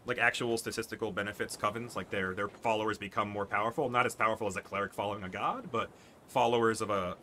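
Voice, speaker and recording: A man's voice: sharp tone, a little hiss or hum. A man running a tabletop game as game master, casual and chatty, laughing often. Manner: laughs often, breaks into high giggles.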